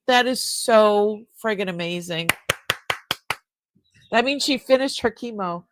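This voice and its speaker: An older woman hosting a live jewelry sale stream, chatting casually and warmly with her viewers. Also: mid-range voice, slow, background noise. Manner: chatty and warm-hearted, easily moved.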